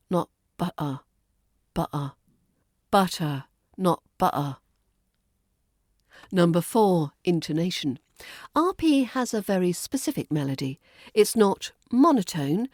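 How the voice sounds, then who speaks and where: A woman with a British RP accent, teaching pronunciation in a playful podcast lesson and slowly modelling words. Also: lowish voice, warm tone, no echo, clean studio sound. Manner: crisp, playful teaching with slow demonstrated words. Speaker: accent coach.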